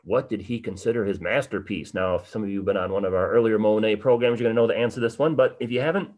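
A man with a fairly low voice gives a livestreamed art talk. His delivery is casual and chatty, full of ums and asides. He perks up now and then to stress a point. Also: fast talker, few pauses. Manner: casual, conversational, animated at times, many fillers. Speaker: tour guide presenting an online program.

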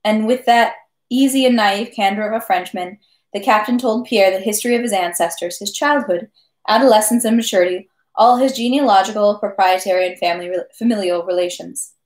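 A woman reading a classic novel aloud at a steady pace, with small slips and self-corrections. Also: medium pitch, a little fast. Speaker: reader of a novel. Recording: echoey room.

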